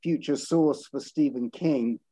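A man hosting a video call interview, speaking haltingly with stuttered repeats. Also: mid-range voice, warm tone, no echo. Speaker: host.

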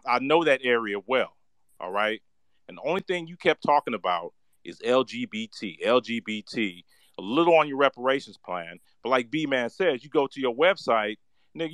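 A man's voice: mid-range voice, fairly bright tone, no room sound. Angry cussing man from oakland ranting hard, dry close sound. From Oakland, California. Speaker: panel speaker addressing a candidate. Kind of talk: heated livestream callout.

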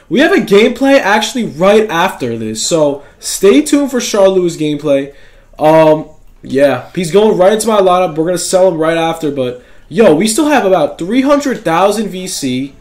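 A young man giving casual commentary while opening game packs, excitable, swinging from gloomy muttering to shouted joy. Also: fairly high pitch. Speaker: gaming YouTuber.

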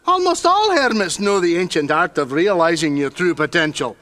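A man's voice: on the high side, animated, moderate pace, sharp tone. An actor playing a kindly old male hermit who trains racers, speaking in a put-on Scottish accent with a folksy, chiding manner.

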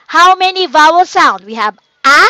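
A woman with a Filipino accent teaching a children's phonics lesson online in a slow, coaxing teacher voice. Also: very high voice, animated, pushed and bright, dry recording. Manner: slow, coaxing teacher talk, reading out learners' names. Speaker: online tutor.

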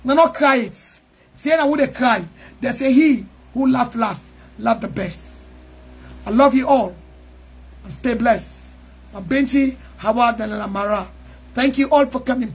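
A woman with a Sierra Leonean Krio accent giving a rousing political speech to supporters, fiery and chanting slogans, often shouting. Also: high-pitched. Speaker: political activist addressing supporters.

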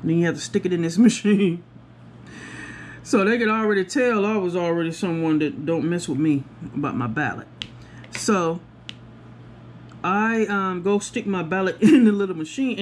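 Woman crafting and telling a story, chatty, talks right to the viewers, little hum in the background. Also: moderate pace. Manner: acts out other people's voices with big pitch jumps. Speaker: craft vlogger. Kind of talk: casual storytelling while crafting.

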